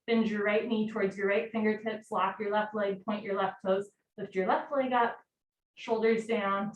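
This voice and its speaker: A young woman teaching a live yoga class, giving brisk step-by-step cues and getting breathy as she does the poses along with the class. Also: medium pitch. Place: room at home, live video call. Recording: roomy sound from far off the mic, faint hiss.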